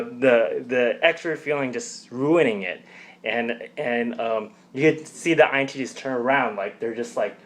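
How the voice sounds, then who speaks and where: A man talking to camera in a casual, rambling way, explaining his ideas through anecdotes, with many fillers, restarts and the odd chuckle. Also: medium pitch. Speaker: personality type channel host.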